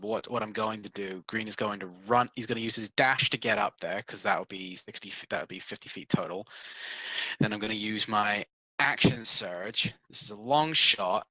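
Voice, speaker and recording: A man's voice: fairly low pitch, pushed and bright, no room sound, rough recording. A man playing a tabletop game, thinking aloud and restarting his sentences. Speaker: player.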